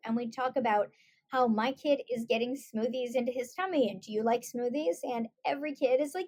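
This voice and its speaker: A middle-aged woman, a guest on a podcast, telling stories in a lively way and acting out the voices she quotes. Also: high-pitched, a little fast. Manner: animated storytelling, acts out quoted voices. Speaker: guest, author and parent. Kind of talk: conversational podcast interview.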